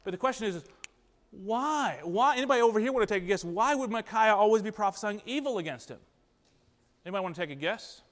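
A man's voice: sits high, animated, quick pace, long reverb tail. A man preaching an interactive sermon in a church, asking the congregation questions in an earnest manner. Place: church sanctuary.

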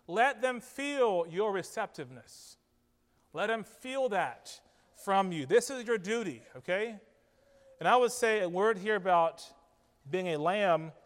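High-voiced man preaching in a reverberant hall. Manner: earnest, coaxing, frequent "okay?" and "right?". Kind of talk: sermon. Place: church platform.

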